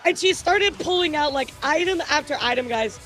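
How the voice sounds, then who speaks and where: A woman streamer telling stories in casual livestream chat, animated and swearing freely. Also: high voice, moderate pace.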